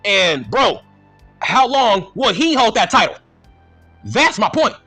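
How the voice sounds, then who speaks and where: A man ranting in a casual, exasperated and profane way as a wrestling show reviewer, repeating his points with a slightly husky voice. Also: sits high, very animated, slow, sharp tone, faint music behind.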